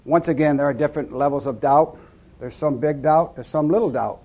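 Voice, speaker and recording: Earnest, fairly high-voiced man preaching. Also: brisk, highs cut off. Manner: earnest and folksy, breaking into loud whoops and amens. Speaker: lay preacher. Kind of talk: informal sermon to a small group. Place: small church gathering.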